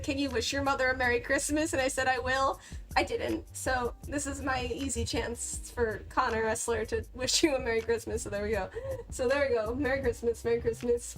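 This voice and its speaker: A young woman cosplayer chats casually on a livestream in a high, fairly bright voice. Bubbly and giggly, she laughs often between lines.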